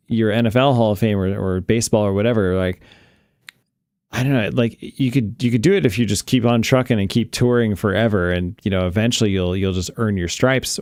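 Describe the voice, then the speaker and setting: Low-voiced man rambling in casual chat. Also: a little mellow, dry recording. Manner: rambling, thinks aloud with many fillers. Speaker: podcast co-host.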